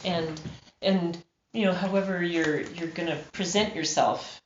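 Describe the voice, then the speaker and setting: Expressive audiobook narrator, lowish voice. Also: female voice, measured pace. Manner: lively, expressive, acts out examples. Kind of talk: interview answers, casual. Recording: dull roomy recording.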